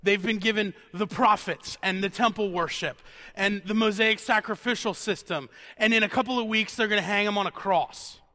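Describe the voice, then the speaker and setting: A man preaching a conversational sermon who repeats words for emphasis and sinks to a quiet, intense tone on solemn points. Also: sits high, moderate pace, few pauses.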